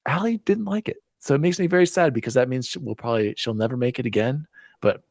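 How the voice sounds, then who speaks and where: A man's voice: medium pitch, fast talker, creaky, a little mellow, no room sound, studio quality. A man hosting a casual gaming podcast, jokey and playful in banter. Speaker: podcast host.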